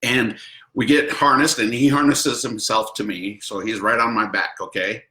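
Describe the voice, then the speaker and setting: A man's voice: mid-range voice, steady tone, moderate pace, roomy sound, very noisy. A man hosting a video, telling a personal story casually and animatedly, acting out quotes and laughing often. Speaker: host.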